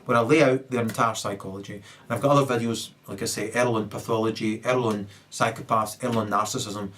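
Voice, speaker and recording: A man's voice: fairly low pitch, fairly even intonation, fairly bright tone. Profane man ranting. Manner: profane, emphatic, halting with restarts. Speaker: comedic commentator.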